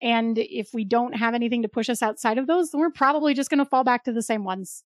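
Brief: female co-host, high voice, dry close sound, playful and giggly. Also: quick pace, no room sound. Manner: laughs often, playful. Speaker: podcast co-host. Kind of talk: casual chat.

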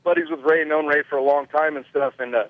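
A chatty male caller from California tells his story over a tinny phone line. His voice sits a little high, and he laughs easily as he talks. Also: fairly even intonation, fast, dry recording. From California, USA. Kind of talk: casual call-in chat.

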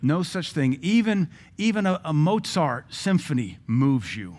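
A man's voice: a little high, very animated, a little slow, darkish tone. Blunt storytelling man preaching. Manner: storytelling with acted quotes, blunt asides. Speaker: pastor. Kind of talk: sermon.

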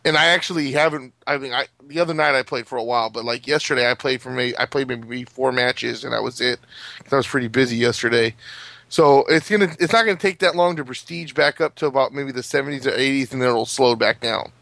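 A man's voice: mid-range voice, fast, gravelly, a bit bright, dry recording. Rambling man in casual gaming chat. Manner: rambling, many fillers and restarts.

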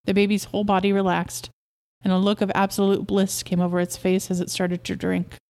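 A woman narrates a short story aloud for her podcast. Her reading is steady and measured, in a middle-pitched voice.

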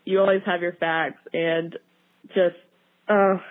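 A woman's voice: on the low side, level tone, takes it slowly. A woman calls in to her favorite podcast, emotional and gushing. She rambles and loses her words. Her voice comes through a thin phone line. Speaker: caller. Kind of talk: voicemail message.

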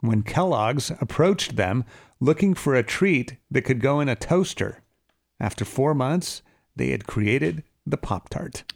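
A man's voice: mid-range voice, expressive, measured pace, gravelly. A man co-hosting a morning radio show, chatting casually and reading news items in a conversational way. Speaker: radio host.

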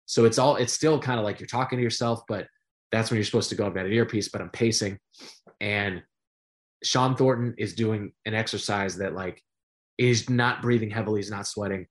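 A middle-aged man, a sportscaster guest, telling stories in a casual interview, animated and full of fillers. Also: on the low side, a little fast. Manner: animated storyteller with many fillers.

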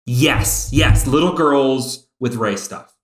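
A man in a casual podcast chat, speaking at a middle pitch with plenty of eager energy. His pace surges and then slows as he gets excited. The room gives his voice a noticeable echo. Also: soft background music. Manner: excited fan, speeds up and slows down. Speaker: podcast co-host. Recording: roomy echo.

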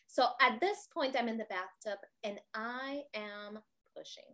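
A woman with a high voice telling a personal story as an interview guest. She is expressive and animated. She keeps checking in with her listener with a quick "right?" and slips into the voices of the people she quotes. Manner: expressive, tags sentences with "right?".

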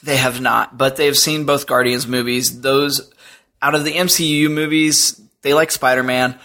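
A man's voice: medium pitch, steady tone, moderate pace, pushed and bright. A man in his thirties, a podcast guest, talking in a loose, rambling way with lots of fillers. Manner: rambling, fillers, chuckles at his own stories. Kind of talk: casual chat.

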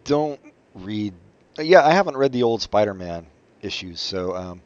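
Male podcast co-host, lower voice, deadpan rambling humor, muffled lo-fi recording. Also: unhurried. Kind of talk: casual chat about comics. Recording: dull lo-fi recording.

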